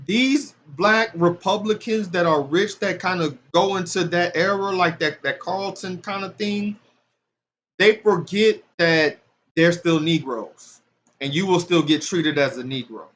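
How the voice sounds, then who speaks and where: A man's voice: high-pitched, unhurried, fairly bright tone. A man giving impassioned, casual commentary on scripture, talking in loose street speech that rises into emphatic preaching. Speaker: religious commentator.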